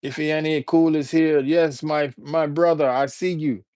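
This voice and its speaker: A man from Alabama, chatting casually on a livestream and shouting out viewers by name. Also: a little high, steady tone, moderate pace, no echo. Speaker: livestreamer and rapper. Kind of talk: casual live-stream chat.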